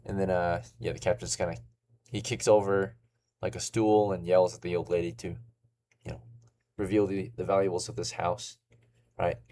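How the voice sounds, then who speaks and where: A man runs a tabletop game, narrating in a loose, casual way full of fillers. His voice sits on the low side, and a faint hiss runs under the home recording. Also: level tone, normal speed, pauses often, dark tone. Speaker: game master.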